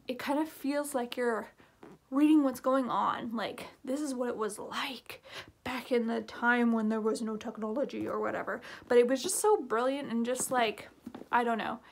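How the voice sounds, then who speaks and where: High-voiced woman for a casual book vlog; rambling, gushing delivery. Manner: gushing, chatty, full of fillers and "oh my gosh". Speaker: book reviewer.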